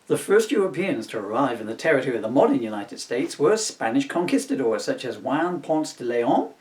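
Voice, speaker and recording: A man's voice: medium pitch, big pitch swings, a little fast, darkish tone, distant mic. A man reading his own comic book aloud, often laughing at his jokes and breaking off for asides.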